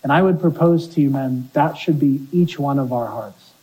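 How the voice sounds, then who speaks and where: Earnest preaching man, mellow husky voice. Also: medium pitch, moderate pace, low-quality recording. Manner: earnest preaching with rhetorical questions. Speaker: pastor. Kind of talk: sermon.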